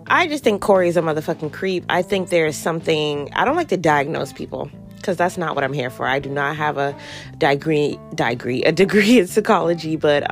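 A young woman hosting a podcast, giving blunt, sassy, profanity-laced commentary on a reality show. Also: vocal fry. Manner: sassy, blunt, swears freely, mimics people in high voices. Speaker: podcast host reviewing reality TV. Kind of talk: casual commentary.

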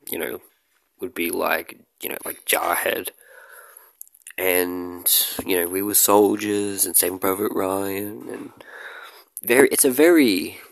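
With a low, gravelly voice and no echo, a man vlogs about films he likes. His casual to-camera talk drifts and jokes, mixing in loud shouted bits and bursts of laughter.

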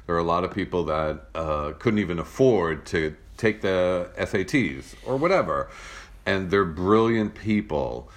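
Very deep-voiced man with a broadcast voice. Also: expressive, a little slow. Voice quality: rich broadcast-style voice. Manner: earnest, storytelling. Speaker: podcast co-host. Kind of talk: casual chat.

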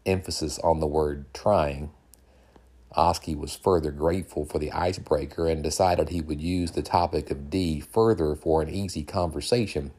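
A man hosting a podcast, reading a novel aloud in calm, steady storytelling narration. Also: rumbling low, normal speed. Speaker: podcast host and reader. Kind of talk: audiobook narration.

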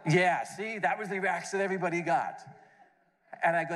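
A man preaching a conference sermon, animated, acting out questions and answers and repeating words as he goes. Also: sits high, brisk. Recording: long hall reverb.

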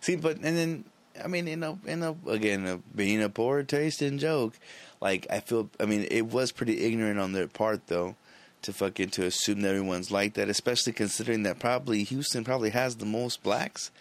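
A man's voice: fairly low pitch, a little fast. A man co-hosting a podcast in casual chat, rambling and swearing freely, often breaking into laughs. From Arizona. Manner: profane, rambling, loose and laughing. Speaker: podcast co-host.

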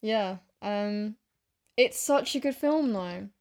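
A chatty woman co-hosts a casual podcast, talking in a gushing, giggly way. Her voice sits at an ordinary middle pitch. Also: takes it slowly, darkish tone. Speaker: podcast co-host. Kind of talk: casual chat.

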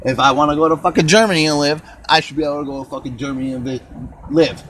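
A man's voice: a little high, fast talker, a bit bright, slight background noise. A man hosting a podcast alone, delivering an angry, rambling, profanity-filled rant while driving a car. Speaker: podcast host. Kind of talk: profane ranting monologue.

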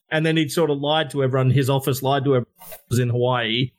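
A man's voice: mid-range voice, little pitch movement, fast talker. A man, a guest on a stream, bluntly explaining things in casual chat and checking in with "right?". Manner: blunt and sweary, explains eagerly with lots of "right?".

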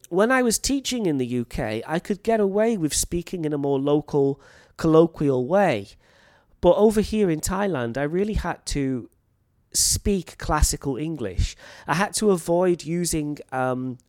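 A man's voice: fairly high pitch, a little mellow, no room sound. A North Welsh man in his late thirties speaks in a slightly raised register, earnest and explanatory, like a teacher talking to colleagues. The recording is dry and close, with no room sound. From North Wales. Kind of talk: talk to fellow teachers.

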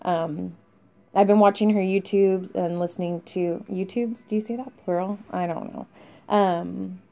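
This young podcast host has a warm, medium-pitched voice with vocal fry, fairly even intonation and an unhurried pace. She rambles candidly in a confessional monologue with fillers and small laughs, recorded in dull lo-fi sound.

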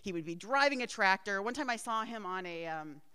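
A woman's voice: medium pitch, animated, fairly quick, pushed and bright, clean tone, no echo. A middle-aged woman telling a personal family story in a rambling way, with asides and frequent laughs.

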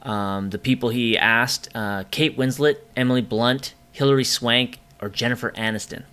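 A man co-hosting a casual movie podcast, chatting excitedly with lots of ums and frequent swearing. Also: mid-range voice, moderate pace, smooth. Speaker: podcast co-host.

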